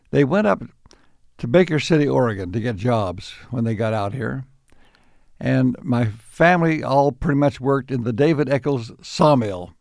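An older man being interviewed, telling reflective stories in an unhurried, anecdotal way with chuckles. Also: mid-range voice, lively intonation, vocal fry, a little mellow, no echo, studio quality. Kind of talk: reflective storytelling.

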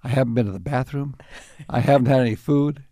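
An older man being interviewed, recalling his life in unhurried stories with frequent restarts and small chuckles. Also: medium pitch, mellow, dry recording, clean studio sound. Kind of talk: reflective storytelling.

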